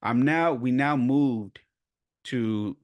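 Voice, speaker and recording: A man from San Jose tells stories on his own podcast in a loose, rambling way, backing up and restarting as he goes. His voice sits at a middle pitch. The sound is dry and close, recorded in a bedroom at home. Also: drawn-out words, no echo, highs cut off. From San Jose, California. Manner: rambling, conversational, with restarts and laughs. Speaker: podcast host. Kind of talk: casual storytelling monologue. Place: bedroom at home, child sleeping nearby.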